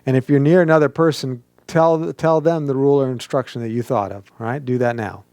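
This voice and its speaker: A man's voice: mid-range voice, steady tone, a little fast, darkish tone, no room sound. A male pastor giving an interactive sermon, coaching listeners to speak aloud and mimicking whiny questions.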